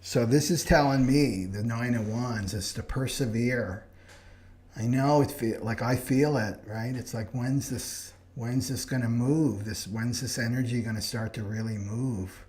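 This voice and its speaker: Teaching astrology in a live online class, a man speaks in a mid-range, slightly mellow voice at a somewhat slow pace. He is earnest and spiritual, constantly checking in with listeners and repeatedly asking "right?"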